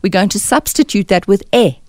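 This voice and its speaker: An articulate woman dialect coach from South Africa, speaking with a lively, rising and falling pitch. She explains carefully and instructively as a guest on a radio show. The studio sound is close and dry. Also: a little fast, no echo.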